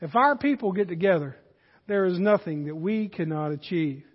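A man's voice: sits high, lively intonation, normal speed, slightly rough. A man preaching a sermon in a folksy manner that rises to emphatic peaks, heard in a church sanctuary. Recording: dull, hall reverb.

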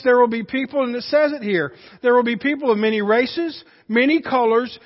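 High-voiced preacher in a reverberant hall. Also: male voice. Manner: emphatic, conversational with joking asides to the congregation. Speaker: pastor. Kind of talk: sermon. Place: church sanctuary. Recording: reverberant hall, dull muffled sound.

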